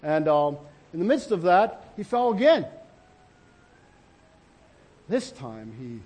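A man preaching as a pastor in an earnest, halting way, with many restarts and fillers. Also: a little high, big pitch swings, a little mellow. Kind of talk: sermon.

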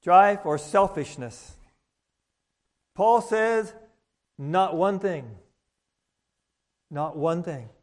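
A man preaching a sermon, reading scripture aloud and repeating key words with deliberate emphasis. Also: sits high, expressive. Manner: slow, deliberate, emphatic repetition. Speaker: pastor. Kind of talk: King James scripture reading.

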